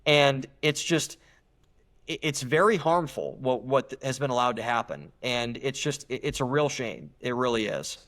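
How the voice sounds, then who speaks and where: A young man talks as a guest on a podcast, earnest and emphatic. He often restarts his sentences as he builds a point. His voice sits at a middle pitch. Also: animated, moderate pace, a bit bright. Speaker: guest author. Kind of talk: podcast interview.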